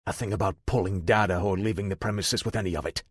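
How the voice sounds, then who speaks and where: A man voicing a menacing male crime boss who speaks slowly and deliberately. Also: low voice, steady tone, husky, dry recording, clean studio sound. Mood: cold.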